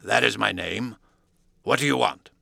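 A furtive, hostile stranger, as a male reader puts him on, slow and guarded, his words drawn out with a strained, odd timbre. The tone is edgy and sharp, and the recording is dry and close. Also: fairly low pitch, vocal fry, dry recording, full character voice. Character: furtive, hostile man speaking low and drawn-out.

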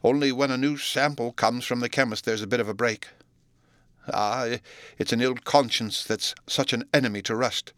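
A man voicing a frightened aging male butler who speaks in hushed, trembling tones in an audiobook. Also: mid-range voice, steady tone, normal speed, no room sound, clean studio sound, lightly acted. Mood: fearful. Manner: hushed, tremulous.

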